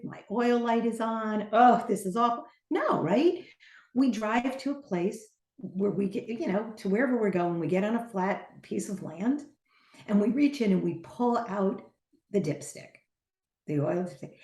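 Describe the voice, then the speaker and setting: A middle-aged woman teaching on a podcast, an animated storyteller who acts out the voices she quotes. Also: medium pitch. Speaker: podcast guest, teacher and trainer. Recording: echoey room.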